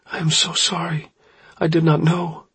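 A man's voice: completely flat delivery, a little slow, fairly bright tone, slightly rough, no room sound, full character voice. A man voicing a distraught young woman who is crying and apologizing, reading from a storybook. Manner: pleading, voice raised high.

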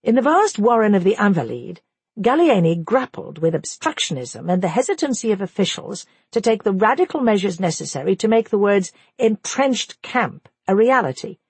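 Woman, audiobook narrator, husky voice, dry close sound, measured reading. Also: mid-range voice, sing-song, a little mellow, no echo. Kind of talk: scripted narration.

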